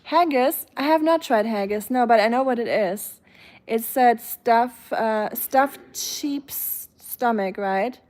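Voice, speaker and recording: A woman's voice: fairly high pitch, takes it slowly, a little mellow. A woman from Germany with a German accent, chatting casually on a live stream and answering her chat's comments.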